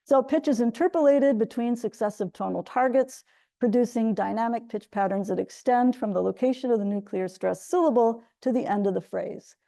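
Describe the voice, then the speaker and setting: A woman's voice: on the high side, brisk, vocal fry, mellow. A woman giving an academic lecture as a guest speaker. She explains methodically and often restarts her phrases.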